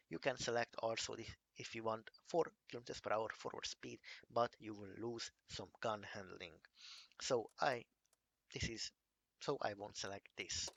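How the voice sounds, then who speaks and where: A man giving a casual game review, enthusiastic and halting, calling things amazing again and again. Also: lowish voice, creaky, a bit bright. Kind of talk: casual gameplay commentary.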